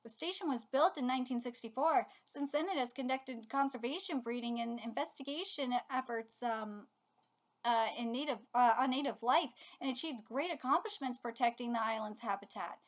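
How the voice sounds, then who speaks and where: A woman reading aloud as an official giving a formal mission briefing in a steady tone. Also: a little high, normal speed, lightly acted.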